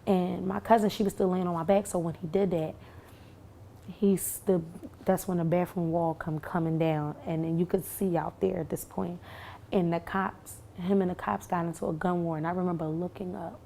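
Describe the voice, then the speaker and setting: A young woman recounting what she lived through, halting with many fillers and restarts. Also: fairly low pitch, fairly even intonation, creaky, mellow, a little hiss or hum. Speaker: shooting survivor. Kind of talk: recounting testimony to camera.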